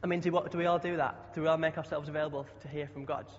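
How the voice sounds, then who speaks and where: A man's voice: fairly high pitch, steady tone, rapid-fire. A young man preaching a chatty sermon, often asking the congregation questions. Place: church hall. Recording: dull sound with long hall echo.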